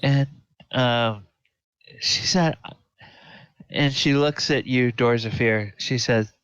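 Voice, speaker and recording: A man's voice: mid-range voice, takes it slowly, a bit bright, smooth, dry recording, muffled recording. A man narrating as game master of a tabletop game, with a hesitant delivery.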